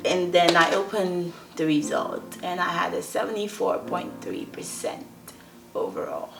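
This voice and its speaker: A woman's voice: on the low side, very animated, normal speed, gravelly, fairly bright tone, faint music behind. A young woman from Nigeria, earnestly telling a personal story to her viewers and often checking in with them. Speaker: vlogger. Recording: roomy echo.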